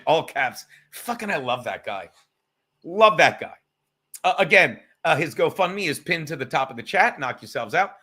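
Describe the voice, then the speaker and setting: A man's voice: fairly high pitch, big pitch swings, normal speed, pushed and bright. A man hosting a live stream, rambling and sarcastic, swearing often as he tells stories and reads chat. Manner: rambling, profane, sarcastic storytelling. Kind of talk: casual livestream chat.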